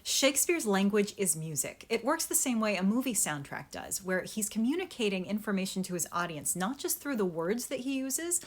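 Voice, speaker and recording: A young woman acting coach explains verse rhythm directly to the listener. Her pitch swings widely as she talks, and she punches out stressed syllables with emphatic energy. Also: normal speed, few pauses. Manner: lively, emphatic, sounds out stress patterns. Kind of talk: explaining Shakespeare verse to camera.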